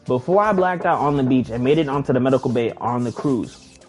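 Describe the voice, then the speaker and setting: A young man casually telling a long story while playing a game, slangy and animated, his voice jumping high when he gets excited. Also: brisk, soft background music. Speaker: gaming vlogger.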